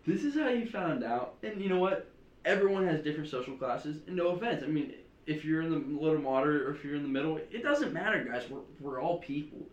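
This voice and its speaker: Young guy, kinda high voice, self-deprecating and chatty, echoey dull room. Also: lively intonation, quick pace. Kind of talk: casual chat. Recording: roomy, dull sound.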